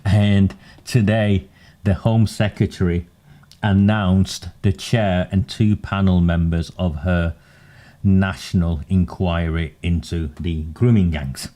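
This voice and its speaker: Low-voiced man doing commentary. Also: steady tone, takes it slowly, mellow. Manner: earnest and pointed, with wry asides. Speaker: political commentator hosting a livestream. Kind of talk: political commentary livestream.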